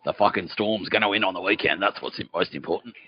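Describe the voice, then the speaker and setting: A man's voice: deep voice, fast talker. A man hosting a podcast, delivering a profane, rambling comedic monologue in a mock-conspiratorial way. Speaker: podcast host. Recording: dull lo-fi with faint music.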